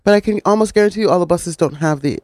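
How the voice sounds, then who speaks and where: A man's voice: sits high, racing, darkish tone, no room sound, clean studio sound. A man co-hosting a live talk radio show, chiming in with short remarks and reading details off his phone. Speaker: radio co-host.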